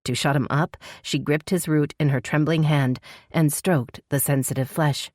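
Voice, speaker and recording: A woman with a low voice reads a romance audiobook. Her delivery is measured and sensual. The recording is dry and close, with no room sound. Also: steady tone, darkish tone, no echo. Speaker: audiobook narrator. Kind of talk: scripted romance narration.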